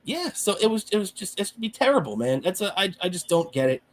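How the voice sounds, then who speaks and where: Man, heated sports rant, higher voice, swings up and down a lot, swears freely. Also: quick pace. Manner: heated, animated ranting. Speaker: podcast co-host. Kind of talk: casual sports talk.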